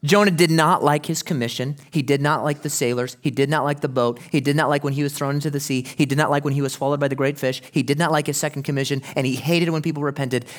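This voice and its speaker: Emphatic male preacher. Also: a little high. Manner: emphatic, swings from hushed to loud; rhetorical questions to the listener. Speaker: pastor. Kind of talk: sermon.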